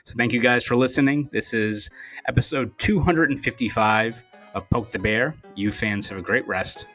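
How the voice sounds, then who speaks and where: A man's voice: mid-range voice, moderate pace, a bit bright, soft background music. A young man hosting a sports podcast, chatting casually and often repeating words as he thinks. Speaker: podcast host.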